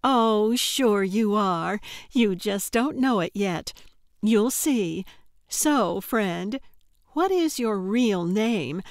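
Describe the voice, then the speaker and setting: A woman narrator voicing a giggly, unhinged female kidnapper who talks in a high, bubbly, overly friendly sing-song. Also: lively intonation, drawn-out words, no echo, studio quality. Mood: sugary, chirpy. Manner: chirpy and overly friendly, tittering. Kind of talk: audiobook character voice.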